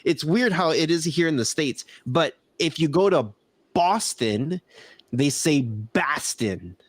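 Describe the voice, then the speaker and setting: A man's voice: on the high side, expressive, a little slow, dry recording. A man with a Southern Californian accent, co-hosting a casual live-streamed podcast, rambling and laughing often as he reads out chat messages. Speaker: podcast co-host.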